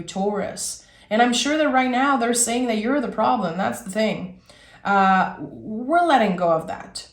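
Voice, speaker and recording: A woman giving a casual spoken tarot reading, talking in an earnest, rambling and frank way. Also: on the high side. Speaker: tarot reader. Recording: roomy echo.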